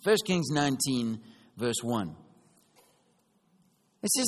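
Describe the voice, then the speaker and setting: A man preaching a sermon, telling a story in a chatty, animated way and often checking in with his listeners. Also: sits high, moderate pace. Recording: long reverb of a large hall.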